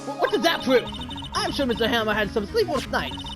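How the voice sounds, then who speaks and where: A woman voicing a cranky, nosy old woman security guard who scolds in a shrill, indignant way. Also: very animated, brisk, music in the background. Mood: scolding.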